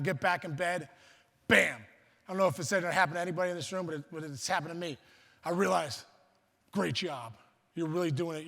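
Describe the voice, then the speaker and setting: High, bright man telling a story in a hall. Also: creaky. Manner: animated, acts out voices, loud outbursts. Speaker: luncheon speaker. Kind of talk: humorous storytelling speech. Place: banquet hall. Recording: reverberant hall.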